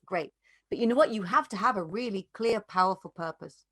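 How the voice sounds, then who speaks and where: A woman's voice: mid-range voice, fairly quick, a bit bright, slightly rough, dry recording. Earnest woman lecturing. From United Kingdom. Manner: earnest, emphatic, persuasive. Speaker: economist giving a keynote. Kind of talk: lecture and Q&A answers.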